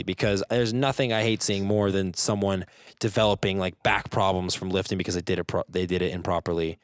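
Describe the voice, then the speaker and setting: A man's voice: on the low side, no room sound, studio quality. A man speaking as a guest on a casual podcast, telling stories and mimicking the people he quotes. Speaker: guest, jiu-jitsu competitor.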